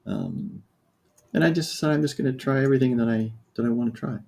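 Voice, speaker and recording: In a podcast interview, a man from the US in his fifties shares his own story with candor and reflection, frequently stopping mid-sentence to start over. His voice is medium-pitched, gravelly and dark, and his pace is fast.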